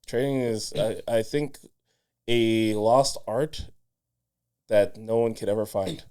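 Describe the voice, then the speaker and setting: Brief: male podcast host, lowish pitch, smooth and resonant, easygoing. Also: slow pace, warm tone. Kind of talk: casual podcast chat.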